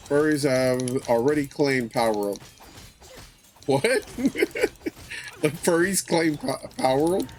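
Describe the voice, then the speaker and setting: A man hosting a livestream, chatting casually with viewers in a relaxed way, swearing often and repeating his phrases. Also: medium pitch. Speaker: livestream host.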